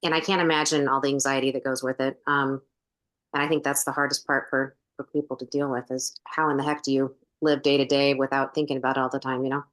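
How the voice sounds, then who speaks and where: Low-voiced, quick-talking woman host. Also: little pitch movement, fairly bright tone. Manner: supportive and encouraging. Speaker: podcast host. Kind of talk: conversational interview.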